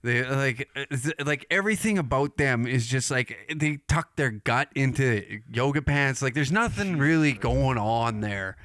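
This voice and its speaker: A man's voice: medium pitch, expressive, unhurried, hardly any pauses, fairly bright tone, no room sound, studio quality. A man hosting a podcast, talking in a crude, rambling way and laughing often. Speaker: podcast host. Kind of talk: casual chat.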